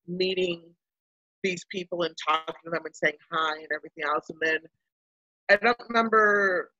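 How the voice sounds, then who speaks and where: A woman's voice: fairly low pitch, no echo, muffled recording. A woman from Baltimore, a guest in a casual interview, telling a story animatedly and acting out what people said. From Baltimore, United States. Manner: animated storyteller who acts out quotes.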